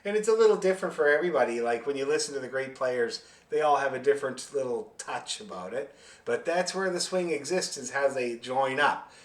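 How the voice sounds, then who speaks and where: A man teaching a fiddle class over a video call, explaining rhythm in a friendly, joking way and singing the beats out loud. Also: mid-range voice, a little fast, roomy sound. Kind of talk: online music lesson, explaining and demonstrating.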